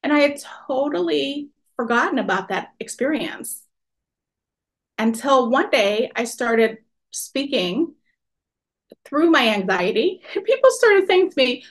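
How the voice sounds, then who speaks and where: Woman, 40s, expressive motivational speaker, slightly high voice. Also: slow. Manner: animated, expressive storyteller addressing audience. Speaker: workshop speaker. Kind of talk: personal storytelling talk.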